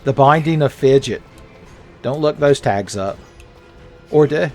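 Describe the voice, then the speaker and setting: A man giving joking, casual commentary while playing a video game, jumping up in pitch when excited. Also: a little slow, faint music behind. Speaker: let's play host.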